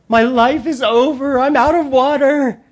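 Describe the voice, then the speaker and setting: A frantic mother stranded in the desert wails that her life is over, as a preacher puts her on mid-sermon. Her voice jumps well above the preacher's usual speaking pitch, rising into anxious, exasperated cries. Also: fairly even intonation, a little slow. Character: panicking mother alone in the desert.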